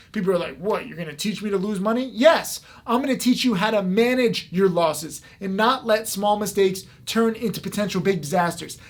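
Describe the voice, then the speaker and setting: A man with a fairly high voice teaches stock trading straight to the camera. He talks fast and with emphasis, leaning on frequent fillers as he goes. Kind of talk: direct-to-camera talk.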